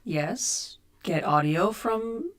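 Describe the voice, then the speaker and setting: This cosplay streamer's medium-pitched voice rises and falls lively as she stretches out her words. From home, she reads her chat aloud, responds casually, and troubleshoots her sound through a desk USB mic.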